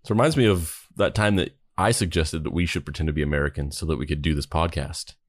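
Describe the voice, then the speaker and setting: A man co-hosting a podcast, animated and self-deprecating, swearing casually. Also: rumbling low, quick pace, no room sound, clean studio sound. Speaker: podcast co-host.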